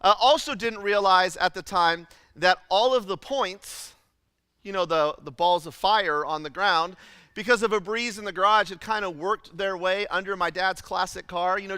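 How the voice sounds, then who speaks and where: High-voiced pastor guy telling a funny story, crisp voice, lots of "like" and "you know", big church reverb. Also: moderate pace. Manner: animated, self-deprecating storytelling with many fillers. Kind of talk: storytelling sermon. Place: church auditorium.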